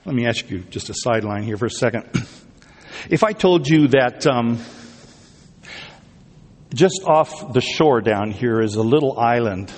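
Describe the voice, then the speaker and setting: A man's voice: medium pitch, lively intonation, a little slow, long pauses, big-room sound. A man preaching a sermon, talking conversationally, asking his congregation questions and repeating words for emphasis. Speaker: pastor.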